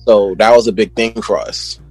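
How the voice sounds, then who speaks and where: A man's voice: lowish voice, steady tone, moderate pace, a little mellow. A man, a music producer telling stories as an interview guest in a slangy, laid-back way. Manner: laid-back, slangy, many "you know what I'm saying" fillers. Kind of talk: casual storytelling chat.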